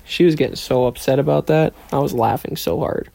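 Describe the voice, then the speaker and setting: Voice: mid-range voice, a little fast, vocal fry, dark tone. Rambling, jokey young adult podcast host. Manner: rambling and jokey, acts out quoted lines in silly voices. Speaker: podcast host, trainee pilot. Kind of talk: casual solo podcast monologue.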